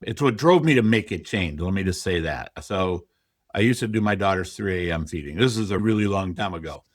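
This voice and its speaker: A middle-aged man, a real estate investor appearing as a podcast guest, tells his story openly in a conversational interview, quoting what he used to think. His voice is low, animated and fairly quick. The recording is clean studio sound with no echo.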